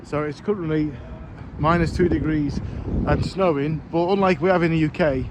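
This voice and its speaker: A man's voice: on the high side, steady tone, normal speed. A man in a casual travel vlog, talking in a chatty, jokey, self-deprecating way, sounding tired. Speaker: vlogger. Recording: loud street and crowd noise.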